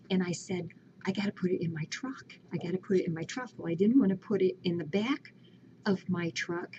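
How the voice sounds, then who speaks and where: A woman's voice: lowish voice, mellow, a little hiss or hum. A woman animatedly retelling a story in casual chat, laughing often. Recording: lo-fi home video with faint ambience.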